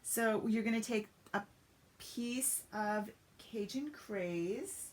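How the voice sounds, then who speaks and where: A woman's voice: fairly high pitch, slow. A woman giving a chatty step-by-step craft demonstration on a live stream, greeting viewers as she works. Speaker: papercraft demonstrator.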